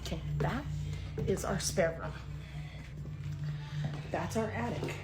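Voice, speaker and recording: A woman's voice: mid-range voice, takes it slowly, over loud music. A frightened middle-aged woman filming her own house on a phone, whispering and exclaiming indoors. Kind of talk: handheld phone video. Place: indoors at home. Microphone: phone camera. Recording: noisy home phone recording.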